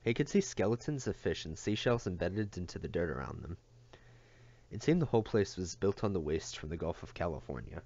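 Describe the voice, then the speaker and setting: A man reading a novel aloud as an audiobook, steady and careful, with occasional self-corrections. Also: deep voice, fairly quick, lo-fi sound, slight background noise. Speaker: audiobook reader.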